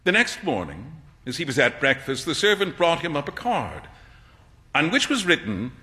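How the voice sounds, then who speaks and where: A man reading a classic story aloud with expressive, animated storytelling. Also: fairly high pitch, normal speed. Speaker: narrator.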